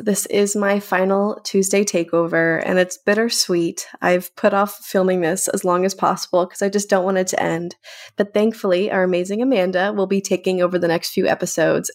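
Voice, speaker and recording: A young woman talks casually and from the heart as a podcast host, sounding grateful and a little emotional. Her voice sits at a middle pitch with a noticeable gravelly fry. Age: young adult. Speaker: intern hosting a weekly podcast segment. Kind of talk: casual personal talk to camera.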